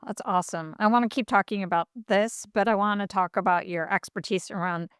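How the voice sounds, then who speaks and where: A woman's voice: mid-range voice, steady tone, a little fast, clear, resonant tone, dry recording, clean studio sound. A middle-aged woman hosting a podcast, telling a story casually and animatedly, with many fillers and acted-out quotes. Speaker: podcast host.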